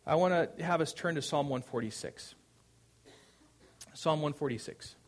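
Male preacher, slightly high voice, talks through scripture casually with repeated restarts. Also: moderate pace. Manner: conversational preaching with fillers, rising to loud proclamation. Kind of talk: sermon.

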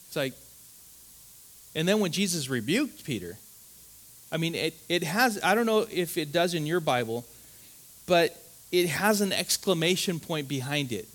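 A man with a somewhat high voice preaches a sermon. He speaks earnestly and with emphasis, often stammering into restarts and tossing in rhetorical questions. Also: fairly bright tone. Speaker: pastor.

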